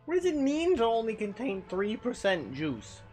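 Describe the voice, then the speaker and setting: A man streaming a game and chatting casually, swinging between mumbling and loud, swearing exclamations. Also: very high-pitched, wildly swooping pitch, normal speed, soft background music.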